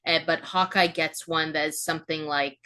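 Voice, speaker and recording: A woman's voice: low-pitched, fairly even intonation, normal speed, bright, forceful tone, smooth. A woman co-hosting a podcast in casual chat, retelling with a lot of "like" and hedges. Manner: retelling, hedging with frequent "like". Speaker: podcast co-host.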